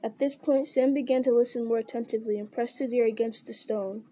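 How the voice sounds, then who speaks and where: A woman narrating a storybook in a steady, measured reading voice. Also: a little high. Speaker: audiobook narrator.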